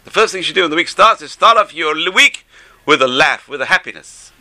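A man leads a Torah class in a gravelly voice, animated and exclamatory. His tone is sharp and bright. He drops to near-murmured asides, then rises to loud, emphatic points. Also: fairly high pitch, fast. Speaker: rabbi teaching a class.

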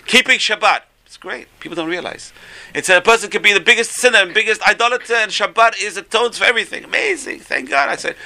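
A man's voice: high-pitched, quick pace, vocal fry, bright, forceful tone, low-quality recording. A man teaching a religious class who speaks in exclamations and uses Hebrew terms. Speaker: Torah teacher.

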